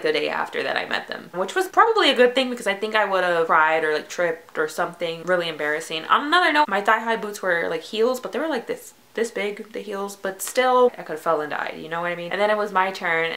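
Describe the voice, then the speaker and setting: Young female vlogger, fast chatty storytime delivery, bright tone. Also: fairly low pitch. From United States. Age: young adult. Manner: chatty, full of "like" and acted-out quotes. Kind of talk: casual storytime vlog.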